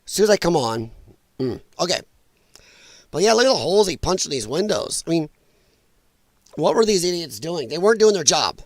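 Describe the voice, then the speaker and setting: Man, livestream host, coughing, sore throat, blunt, exasperated, animated pitch, dry close sound. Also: fairly quick, pauses often, dry recording. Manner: blunt, exasperated, frequent apologies. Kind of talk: casual political commentary livestream.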